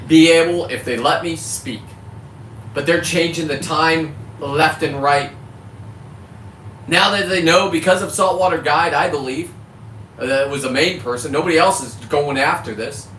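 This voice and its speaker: A fired-up man from California rants straight to camera, swearing freely and then scolding himself for it. His fairly high voice has a bright, forceful edge. He sounds set back from the mic in an echoey space with a faint hiss underneath. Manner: heated, profane, self-correcting about cussing. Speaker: fisherman vlogger. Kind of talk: ranting monologue to camera. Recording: echoey, distant mic with faint background noise.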